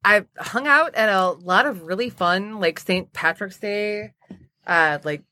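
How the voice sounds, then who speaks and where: A woman's voice: medium pitch, measured pace, sharp tone, no echo, studio quality. A woman co-hosting a podcast, easygoing and wry in casual chat. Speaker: podcast co-host.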